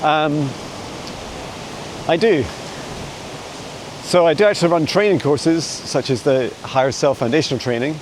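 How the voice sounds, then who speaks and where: A psychic mentor answers viewer questions in a casual vlog, filmed on a handheld phone as he walks a dog through a forest. His slightly high voice keeps a measured pace with long pauses, and he chats in a meandering way, laughing softly often. The low-quality recording carries slight background noise.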